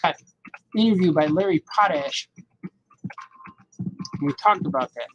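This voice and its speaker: A man's voice: fairly high pitch, measured pace, fairly bright tone, muffled recording, a little hiss or hum. A man rambling and joking to himself while drawing, calling everyone "man". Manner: talks to himself, musing and joking, says "man" often. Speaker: cartoonist drawing on camera.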